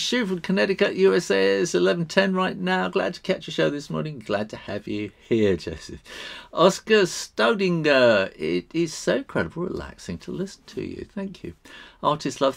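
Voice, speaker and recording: A man's voice: a little high, gravelly. A middle-aged man, an illustrator, chatting cheerfully through a live drawing demo and reading out viewer comments, laughing often.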